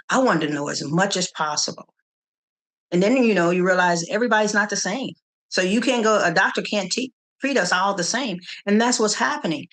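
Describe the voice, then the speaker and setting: A middle-aged woman from the Kansas City area, telling her story in an interview with animated quoted dialogue and frequent restarts. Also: fairly low pitch. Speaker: interview guest, nonprofit founder.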